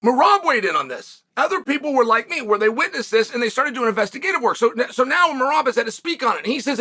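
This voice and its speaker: Very high-pitched and very animated, a man runs a solo combat sports commentary show at a quick pace with few pauses and a sharp tone. He's emphatic, throws out rhetorical questions, and sometimes raises his voice.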